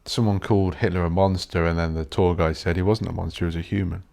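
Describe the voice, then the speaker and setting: Man, very deep voice, solo podcast host, rambling, blunt, swears a lot. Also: fairly even intonation, quick pace, vocal fry. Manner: blunt, sweary, thinking out loud.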